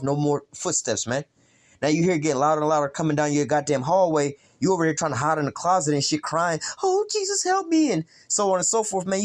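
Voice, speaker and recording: A man giving an informal bible lesson as a street preacher, rambling and slangy, with frequent profanity and fillers. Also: a little high.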